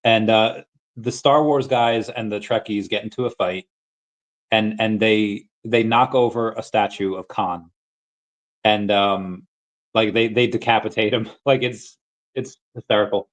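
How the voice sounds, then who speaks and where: A man's voice: on the low side, fairly even intonation, unhurried. A man hosting a casual crypto livestream, rambling with many fillers and restarts and chatting with viewers. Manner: rambling, many fillers and restarts, bursts into shouted movie-quote impressions. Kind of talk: casual livestream chat, reading chat comments.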